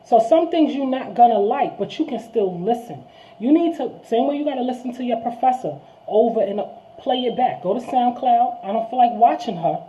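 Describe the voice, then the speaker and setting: A fast-talking New York woman hosts a vlog, her fairly high voice coming through tinny, phone-like audio. She delivers an animated street-style monologue, calling her viewers y'all.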